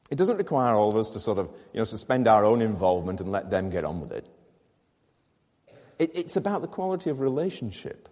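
A man's voice: fairly low pitch, a little mellow, big-room sound. A man preaching a sermon to his congregation, explaining a scripture passage with rhetorical questions and emphatic repetition. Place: church.

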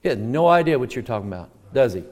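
A man preaching a sermon, emphatic, asking rhetorical questions and rising to near shouts. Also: mid-range voice, very animated, fast. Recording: long reverb of a large hall.

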